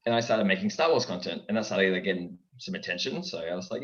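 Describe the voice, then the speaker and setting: A young man chatting casually as a guest in an interview, lively and dropping into character voices. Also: fairly low pitch, fast talker, hardly any pauses. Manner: animated, breaks into character voices. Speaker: guest, impressionist. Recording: dull, echoey recording.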